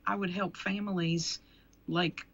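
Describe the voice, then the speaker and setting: A chatty woman, her voice carrying some creak and gravel. She talks easily as a guest on a local TV studio set, laughing and looping back mid-sentence. The sound is a bit dull, like slightly muffled broadcast audio. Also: lowish voice, level tone, a little slow, fairly bright tone. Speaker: guest, antiques dealer and auctioneer. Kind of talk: casual interview chat.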